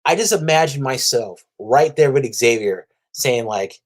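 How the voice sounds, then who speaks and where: A man's voice: mid-range voice, measured pace, hardly any pauses. A man hosting a casual comic book review vlog, rambling and restarting often, trash-talking with crude language and laughing at his own jokes. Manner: animated, profane trash talk with laughter; rambling with frequent restarts and fillers. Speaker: comic book video host.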